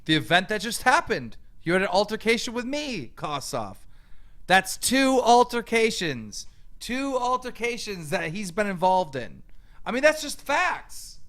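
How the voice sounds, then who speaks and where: Talking at normal speed with a high voice and big pitch swings, an online commentator tears into a clip in an angry reaction rant. He responds with mockery, profanity, and shouted comebacks.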